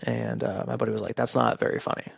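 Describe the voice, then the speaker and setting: A man's voice: lowish voice, very animated, fast, gravelly, breathy edge, no room sound. A young man hosting a podcast, frankly telling a personal story, swearing freely and acting out the conversations. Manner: frank and profane, retelling conversations. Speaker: podcast host.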